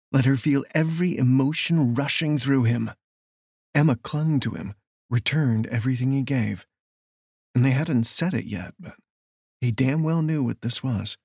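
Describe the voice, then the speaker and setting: A man reading a romance novel aloud in a steady, measured storytelling voice. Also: mid-range voice, gravelly, husky, no echo, studio quality. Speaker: audiobook narrator. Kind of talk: scripted romance narration.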